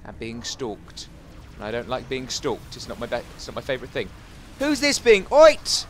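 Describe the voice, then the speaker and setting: A man giving jokey, excitable commentary as he plays a video game, chatting to his viewers and taunting enemies. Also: mid-range voice, normal speed, background noise. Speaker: gaming YouTuber. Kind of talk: casual Let's Play commentary.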